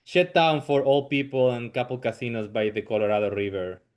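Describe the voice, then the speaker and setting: A man's voice: medium pitch, fairly even intonation, a little fast. A man from southern Chile with a Chilean accent, speaking English as a second language, chatting loosely as a comedian guest on a podcast. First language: Spanish. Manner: easygoing, laughs readily, loose and informal. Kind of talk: casual podcast chat.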